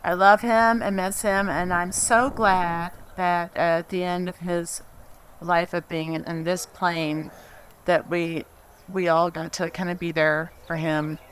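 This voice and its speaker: A woman giving a eulogy at a memorial, telling a personal story in a halting, emotional way and laughing through it. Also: on the low side, flat delivery, slight background noise. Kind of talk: memorial speech, personal anecdote. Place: memorial gathering.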